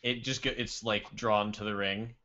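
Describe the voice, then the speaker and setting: Deep-voiced male player, bright tone, muffled mic. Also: level tone, moderate pace. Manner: asks rules questions. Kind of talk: casual tabletop role-play.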